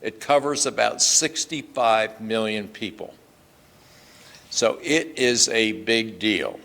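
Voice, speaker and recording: An older man speaks from a podium in a low, grounded voice. He is plainspoken and emphatic, stopping to restart his sentences, while the long reverb of a hotel event hall trails behind each phrase. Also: takes it slowly, creaky, a bit bright. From Pennsylvania. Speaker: state senator giving a speech. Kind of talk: speech at a press club luncheon.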